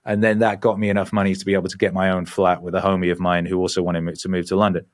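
A man's voice: deep voice, very fast. A man in his forties, a musician guest telling rambling, profane stories in a casual interview. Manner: profane, rambling, animated storyteller.

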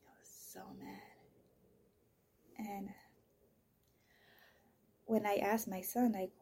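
A woman telling a raw personal story as a mother, swinging between loud outbursts and near-whispers. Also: medium pitch, steady tone, slow pace, long pauses, a little hiss or hum. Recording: voice message.

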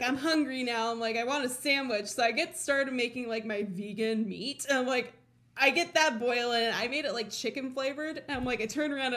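This podcast host, a woman from Colorado with a fairly high voice, wanders through an ordinary story with lots of laughter and free swearing. She keeps it casual and animated, voicing her own thoughts as she goes.

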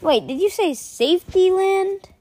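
A woman voicing a brash, energetic schoolboy in a read-aloud storybook, loud and excited. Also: very high-pitched, unhurried, pitched above the performer's own voice.

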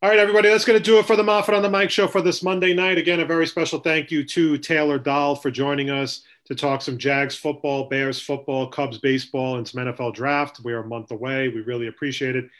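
A middle-aged man hosting a casual talk show, chatting and then signing off with brisk, upbeat patter. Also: medium pitch, flat delivery, fairly bright tone. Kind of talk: casual chat and show sign-off.

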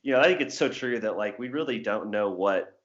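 A man's voice: lowish voice, expressive, a little fast, a bit bright. A man in his thirties from Southern Indiana, chatting casually and rambling with plenty of filler words. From Southern Indiana, USA. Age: 30s. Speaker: guest, former English teacher. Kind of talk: casual conversation. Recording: roomy, slightly dull sound.

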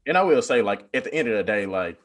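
A man's voice: on the low side, expressive, fast. A man in casual podcast discussion, rambling with many "like" fillers and bursts of animation.

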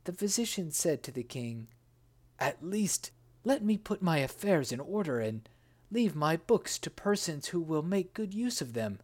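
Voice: mid-range voice, big pitch swings, a little slow, darkish tone. A reader voicing a male fisherman who earnestly tells a tale to a genie.

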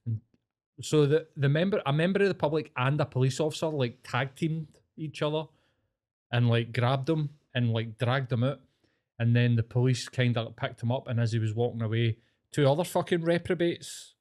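A man's voice: medium pitch, darkish tone. A Scottish man co-hosting a podcast, chatting casually, blunt and full of swearing, working himself up into rants. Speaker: podcast co-host.

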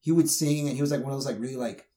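A man's voice: medium pitch, racing, dark tone. A man, telling stories in casual podcast chat, loose and full of filler words. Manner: loose storytelling, many filler words and laughs. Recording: roomy echo.

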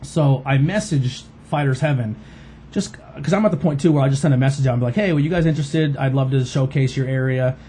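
Fast-talking man from spinning a story. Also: mid-range voice, dark tone, a little hiss or hum. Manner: rambling, many fillers, acts out quoted voices. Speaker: podcast host. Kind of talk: casual storytelling chat.

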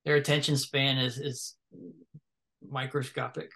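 A man from the American South chats easily in a casual conversation, thinking aloud with plenty of fillers, restarts and loose asides. His mid-range voice is creaky yet pushed and bright, with a level tone and a measured pace.

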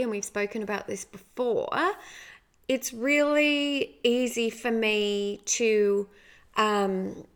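A woman, hosting a casual motivational podcast and talking in a chatty way, often adding "like" and "right?". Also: on the high side. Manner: chatty, frequent "like" and "right?" asides. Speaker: podcast host.

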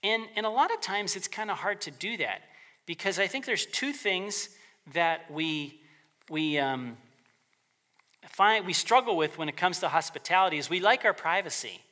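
A male pastor gives a relaxed, conversational sermon in a bright, forceful voice. His pitch swings widely, and he slips into quick character voices for the people he quotes.

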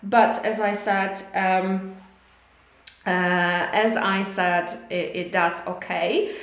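A woman's voice: medium pitch, fairly even intonation, very slow. A woman with a Polish accent who teaches English in a live online lesson, chatty and encouraging, with many fillers while she corrects her students. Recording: echoey room.

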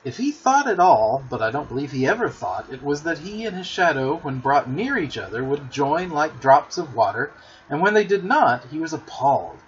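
A man narrating a storybook aloud with expressive, dramatic storytelling, on a muffled lo-fi recording. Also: fairly high pitch, normal speed, slight background noise.

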